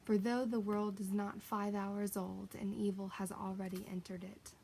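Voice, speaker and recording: A woman reads aloud as a great lion who speaks solemnly and with command. The delivery is measured rather than growled, close to her own voice. A faint hiss sits behind. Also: mid-range voice, level tone, vocal fry, darkish tone, natural voice.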